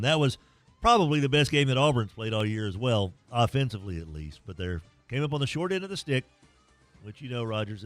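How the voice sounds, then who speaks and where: A man hosting a sports talk show, folksy and joking as he rambles through scores and a sponsor read. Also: mid-range voice. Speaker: sports talk radio host.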